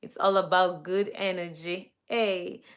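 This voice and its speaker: A woman's voice: lowish voice, steady tone, measured pace. A woman hosting a casual livestream, reading out entertainment news and greeting viewers by name in a chatty, upbeat way. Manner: upbeat, laughs between items. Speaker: livestream host.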